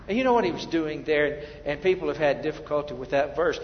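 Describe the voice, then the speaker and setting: High-voiced preacher in a reverberant hall. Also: male voice, animated, quick pace, few pauses. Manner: preaching with swings from hushed to loud. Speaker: pastor. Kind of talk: sermon. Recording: dull sound in a reverberant hall.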